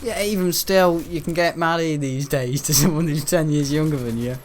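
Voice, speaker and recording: A brisk, fairly even, higher-pitched male voice carries casual gameplay commentary, with a little hiss or hum in the recording. The speaker, a gaming channel host from north-west England, rambles, cracks jokes and often breaks into giggles.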